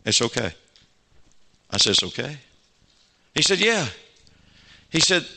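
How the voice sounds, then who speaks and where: A man's voice: a little high, very animated, measured pace, gravelly, bright, forceful tone. A pastor in his sixties, preaching a sermon and telling stories with acted-out dialogue, building to fervent exhortation.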